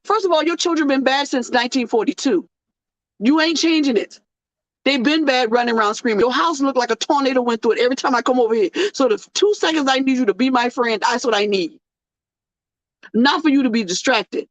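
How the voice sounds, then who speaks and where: A woman's voice: high-pitched, a little fast, dry recording. A woman hosting her own show, talking casually in a joking, sermon-like style. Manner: animated, joking, sermon-like cadence. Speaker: host. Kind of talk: casual preachy talk show monologue. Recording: dull lo-fi dry sound.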